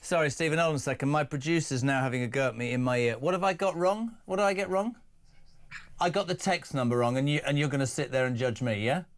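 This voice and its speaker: A middle-aged Englishman hosting a radio phone-in, animated and emphatic with jokey asides. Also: on the high side, quick pace. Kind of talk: opinionated talk radio. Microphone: studio microphone.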